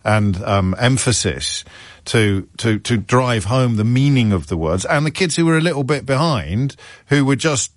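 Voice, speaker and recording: A man in his fifties hosting a talk radio show, speaking in a wry, mocking, conversational way with frequent quick restarts. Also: medium pitch, lively intonation, dry recording, studio quality. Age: 50s.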